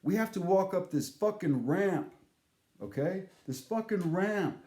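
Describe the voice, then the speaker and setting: A man telling a story in a casual monologue, animated and profane, acting out the voices he quotes. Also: sits high, a little slow, reverberant.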